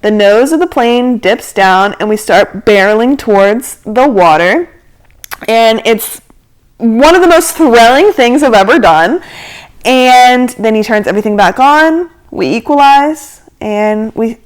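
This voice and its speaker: A young woman in her twenties spins a personal story on her podcast, talking in a chatty, animated, casual way. Her voice sits a little high and sounds smooth and clear, and "like" keeps landing in her sentences. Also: a little slow, poor audio. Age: 20s. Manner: chatty, animated, heavy use of "like". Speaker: podcast host.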